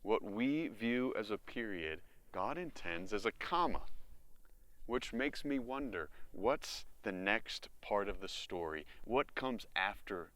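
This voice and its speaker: Slow, lively American male preacher. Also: fairly low pitch. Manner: expressive preaching with acted-out inner voices. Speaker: pastor. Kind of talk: sermon.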